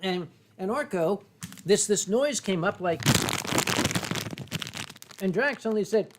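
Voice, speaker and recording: A man's voice: high-pitched, lively intonation, slow pace, pauses often, heavy background noise. A man hosting a livestream, tipsy from sake, chatting casually and chuckling as he reads out viewer messages and donations. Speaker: livestream host. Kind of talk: casual chat.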